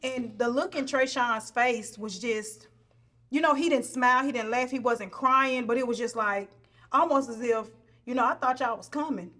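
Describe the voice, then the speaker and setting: Higher-voiced woman telling a family story. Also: normal speed. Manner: animated, acts out voices, laughs through story. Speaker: guest mom. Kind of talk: emotional storytelling in group chat.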